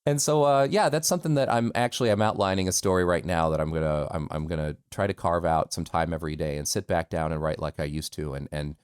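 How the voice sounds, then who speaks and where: A middle-aged American man with a very low voice, recorded close and dry. He talks casually as a guest, laughing at himself. His tone stays easy and self-mocking. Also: fairly even intonation, fast, hardly any pauses, smooth, no room sound. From United States. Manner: self-deprecating, laughs often. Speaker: voice actor guest. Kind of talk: casual interview chat.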